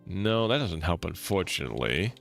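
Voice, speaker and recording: A man streaming a game, commenting in an excitable, joking way with swearing and laughter. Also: low voice, normal speed, gravelly, soft background music. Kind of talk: let's-play commentary.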